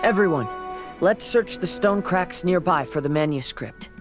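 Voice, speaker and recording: An actor voicing a calm young man in a game who speaks in a measured way, with music behind. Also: high voice.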